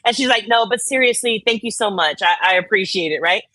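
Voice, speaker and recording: A woman's voice: medium pitch, fast, sharp tone, no echo, rough recording. A woman hosting a casual livestream, rambling, teasing and swearing freely. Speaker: livestream host.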